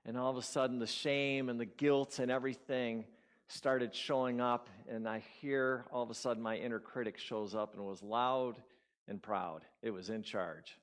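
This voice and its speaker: A man's voice: mid-range voice, fairly even intonation, moderate pace. A man giving a sermon as a guest speaker, telling a personal story and acting out his inner voices. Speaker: guest speaker at a spiritual community.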